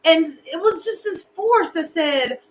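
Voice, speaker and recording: A woman's voice: very high-pitched, animated, slow pace, low-quality recording. A middle-aged woman hosting a casual livestream, candid and emotional, talking straight to her viewers. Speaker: show host. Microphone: livestream camera.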